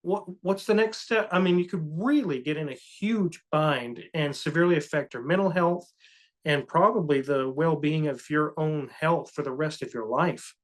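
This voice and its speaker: A man's voice: a little high, moderate pace. A man co-hosting a podcast, talking in an earnest, cautious, reflective way in casual chat. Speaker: co-host.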